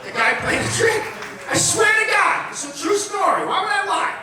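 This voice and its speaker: High-voiced profane stand-up comic. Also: male voice, very animated, moderate pace. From Long Island, New York. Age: 50s. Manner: blunt, profane storytelling with frequent asides. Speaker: stand-up comedian. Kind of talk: stand-up comedy set. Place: comedy club or event room with live audience. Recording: echoey room, captured from far off with crowd noise.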